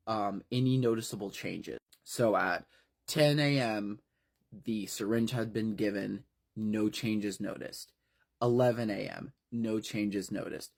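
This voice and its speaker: A narrator casually retelling a horror novel part by part, talking in a wry, conversational way with frequent fillers. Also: medium pitch.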